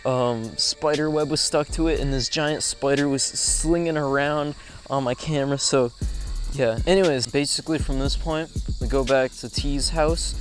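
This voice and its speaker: Young male vlogger, mid pitch, chatty and profane, outdoor camera-mic sound with light music behind. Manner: profane, animated storyteller with frequent fillers. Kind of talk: casual storytelling. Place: outdoors in a rural spot with insects.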